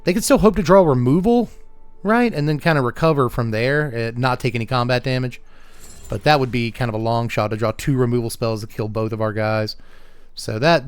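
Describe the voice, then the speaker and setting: A man at a middle pitch commentates his own card game match in a wry, joking way. He chuckles often, and faint music plays behind him. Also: clean tone, dry recording. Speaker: host of a card game channel. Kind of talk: gameplay commentary.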